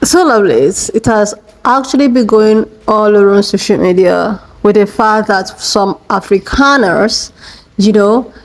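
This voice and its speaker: Woman, mid-pitched, casual online commentator, halting delivery with lots of fillers. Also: low-quality recording. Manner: hesitant, many fillers. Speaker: social media commentator.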